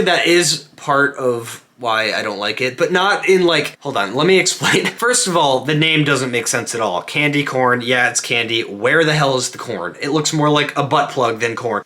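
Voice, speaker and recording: A young man vlogging alone, talking casually and animatedly, joking and ranting. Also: mid-range voice. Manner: animated, joking, quick rants. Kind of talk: casual comedic vlog monologue.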